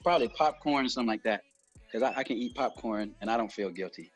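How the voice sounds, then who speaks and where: A Southern US man talks easily in a casual interview, pausing and restarting as he thinks. His voice sits in the middle range. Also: medium pitch, faint music behind. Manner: relaxed, halting with restarts. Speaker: singer being interviewed.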